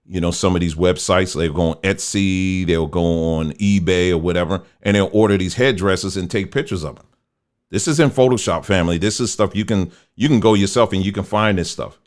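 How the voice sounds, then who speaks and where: With a low, somewhat dark-toned voice, a male host riffs casually on pictures shown on screen. He is folksy and conversational, mocking people through quoted voices.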